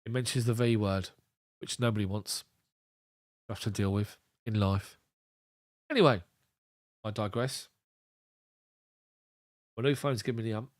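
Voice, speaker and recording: A man's voice: lowish voice, steady tone, measured pace, long pauses, dry recording, clean studio sound. A man giving casual live football commentary from a fan's point of view, chatting to his viewers and reading out their messages. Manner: chatty, rambling, addresses viewers by name.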